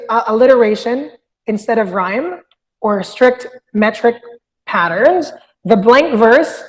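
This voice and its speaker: A woman teaching a literature review lesson, explaining step by step and often checking in with "okay?". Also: sits high. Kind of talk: recorded lecture. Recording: long hall reverb.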